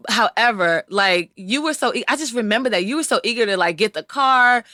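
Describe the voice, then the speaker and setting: A young woman co-hosts a podcast in a bright, clear voice. She tells stories in a casual, lively way and acts out the people she quotes. The sound is dry and close. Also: fairly high pitch, fairly quick, no room sound. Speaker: podcast co-host. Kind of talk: casual conversation.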